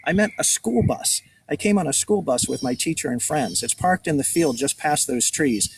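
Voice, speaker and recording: A man's voice: fairly high pitch, expressive, normal speed, vocal fry. A man voicing a nervous schoolboy who stammers. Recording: distant outdoor mic, birdsong noise.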